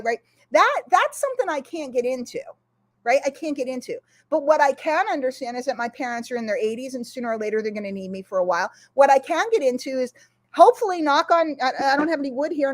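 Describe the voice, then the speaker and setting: A middle-aged woman hosting an online community, giving an emotional, earnest motivational talk that rallies her listeners. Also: high voice. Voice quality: recovering lungs after illness. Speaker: community host.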